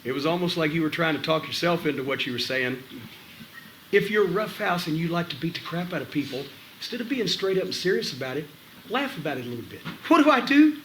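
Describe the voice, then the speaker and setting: A man's voice: a little high, expressive, fast talker, fairly bright tone, a little hiss or hum. A middle-aged man coaching wrestlers in a gym, blunt and profane, mixing advice with wry stories. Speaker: wrestling trainer giving a seminar.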